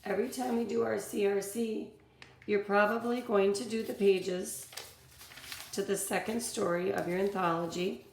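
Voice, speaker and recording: A woman's voice: mid-range voice, steady tone, moderate pace, echoey room, a little hiss or hum. A woman teacher walking children through a reading worksheet, reading passages aloud and explaining them step by step.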